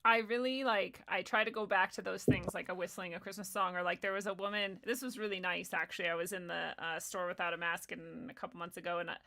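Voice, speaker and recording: A young woman hosting a casual conversation, laughing often and telling lively stories. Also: fairly low pitch, quick pace, gravelly, few pauses. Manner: laughs often, lively storytelling, acts out voices. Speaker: podcast host.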